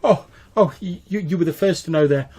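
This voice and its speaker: A man's voice: mid-range voice, steady tone, normal speed, vocal fry, slightly rough. A man voicing a flustered young noblewoman who stammers and trips over her words. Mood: giddy. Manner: stammering, breathless.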